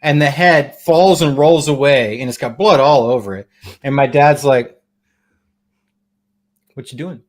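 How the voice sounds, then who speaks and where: A man's voice: medium pitch, steady tone, moderate pace, a little hiss or hum. A man co-hosting a casual chat show, telling stories energetically and laughing often.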